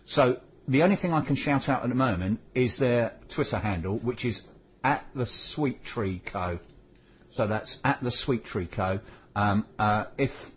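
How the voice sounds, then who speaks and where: A man's voice: medium pitch, animated, a little slow, husky. A man co-hosting a casual radio chat show, reading out listener tweets with lots of fillers and jokes. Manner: chatty, jokey, reads messages aloud with frequent fillers. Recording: dull lo-fi sound with faint noise.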